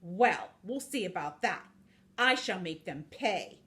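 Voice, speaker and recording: A woman voicing a scheming little male guinea pig villain, slow and gloating. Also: high voice, pushed and bright, voice pushed up, full character voice.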